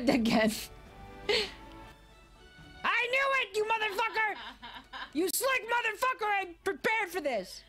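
A young woman streams a game in a high, lively voice that leaps up and down. She talks at an unhurried pace but gets excitable and swears freely. Faint game music plays behind her. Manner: excitable, swearing, shrieks and laughs. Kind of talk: casual gameplay commentary.

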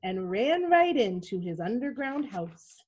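A woman's voice: medium pitch, very animated, measured pace, a little mellow, husky, highs cut off. A woman narrating a picture book aloud to a class over a video call. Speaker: teacher.

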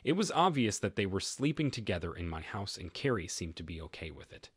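A man's voice: sits low, very animated, fairly quick, husky, dry recording, clean studio sound. A man narrating a first-person story in a plain, matter-of-fact way.

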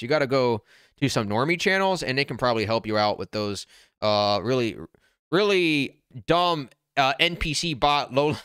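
A blunt, loud-mouthed man chatting live with his viewers, his voice bright and forceful with a crisp, smooth edge. He half-yells in a brash, no-nonsense way. The sound is close and dry, with little room around it. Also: a little high, dry recording. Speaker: crypto channel host. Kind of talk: casual livestream chat answering viewer comments. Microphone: wearing noise-canceling headphones.

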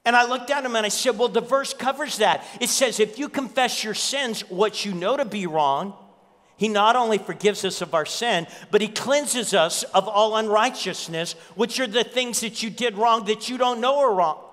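A man's voice: sits high, normal speed, fairly bright tone, in a large hall. A man preaching a sermon as pastor, telling a story and repeating key lines for emphasis. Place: church.

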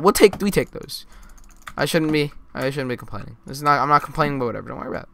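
A man giving jokey, mock-boastful live commentary while playing a game, with sudden loud outbursts. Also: a little high, sing-song, fast, creaky. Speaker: gaming YouTuber.

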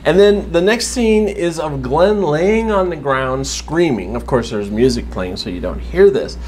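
Sarcastic man with a lively voice. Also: fairly high pitch, a little slow, slight background noise. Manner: sarcastic, wry, swears casually, with restarts. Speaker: TV episode recapper. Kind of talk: casual spoken recap.

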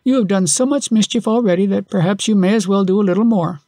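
A man's voice: sits high, fast talker, mellow, dry recording, studio quality, pitched above the performer's own voice. A man doing a sullen young boy. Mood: sulky. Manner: sulky, grudging.

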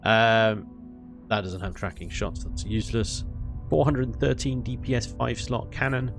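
A man giving casual, animated commentary on his gameplay, ranting and laughing with mild swearing. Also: medium pitch, unhurried, gravelly, over music. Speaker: gaming YouTuber.

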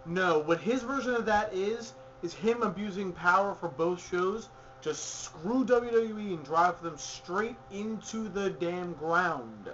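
A fairly high-voiced man chats loosely about the week's wrestling, rambling and opinionated, stopping to correct himself as he goes. The recording is dull and lo-fi with a faint hiss behind him. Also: animated, slow pace, fairly bright tone. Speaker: podcast co-host. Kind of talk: casual wrestling recap chat.

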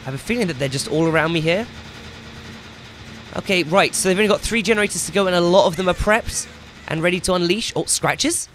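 A young man commentating his own gameplay as he plays, excitable and swearing loudly whenever things go wrong. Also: high voice, quick pace, slight background noise. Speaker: gaming YouTuber.

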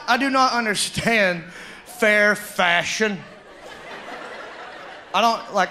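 High-voiced male stand-up comic. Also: slight background noise. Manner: animated storytelling, bursts of shouting. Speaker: stand-up comedian. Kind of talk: stand-up comedy set. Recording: live comedy club with audience laughter.

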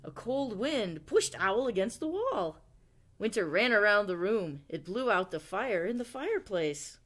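Woman librarian, storytime read-aloud, slow and unhurried, with a lively, singsong voice. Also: medium pitch. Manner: gentle, expressive read-aloud with questions to listeners. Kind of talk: children's storytime reading.

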